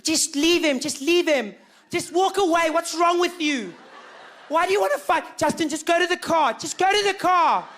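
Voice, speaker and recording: Man doing a frantic pleading woman. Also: moderate pace. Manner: pleading, shrill, shouting. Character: frantic young woman pulling a man out of a club fight.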